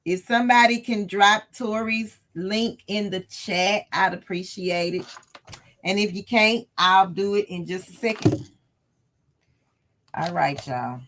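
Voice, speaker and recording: Woman sewing host, unhurried delivery, chatty, laughs a lot, talks to viewers. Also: mid-range voice, fairly bright tone. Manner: chatty, talks to her live chat, laughs often. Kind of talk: casual livestream sewing lesson.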